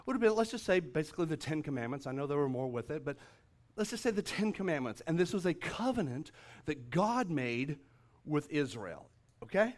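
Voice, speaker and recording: A middle-aged man preaching a sermon as a pastor, emphatic and repeating phrases as his excitement builds. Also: on the high side, fairly quick.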